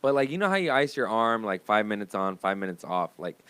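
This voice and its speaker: A man's voice: lowish voice, very animated, brisk, pushed and bright, clean tone, dry recording. A young man, a comedian guest, telling a profane, rambling story in casual chat.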